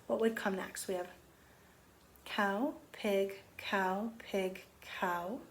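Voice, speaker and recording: A woman teacher giving a remote lesson to young children, counting slowly in a gentle, sing-song, encouraging way. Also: medium pitch, steady tone, a little hiss or hum.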